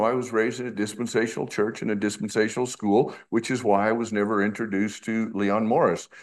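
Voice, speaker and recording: A middle-aged male pastor preaching an expository sermon, slow and emphatic, with conversational asides. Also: fairly low pitch.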